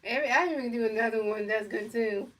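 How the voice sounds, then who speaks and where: A woman's voice: a little high, fast talker, distant mic. A woman giving casual play-by-play over a video game, rambling with lots of fillers and repeated phrases. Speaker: gamer doing play-by-play.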